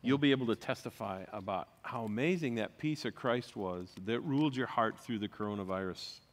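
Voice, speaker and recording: Reflective middle-aged pastor in a hall. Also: male voice, medium pitch, fairly quick. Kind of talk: sermon.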